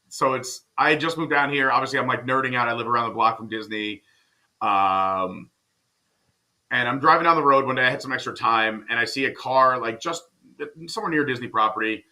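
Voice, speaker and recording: A man guesting on a podcast, telling stories in casual, animated chat. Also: medium pitch. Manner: fast, animated storyteller.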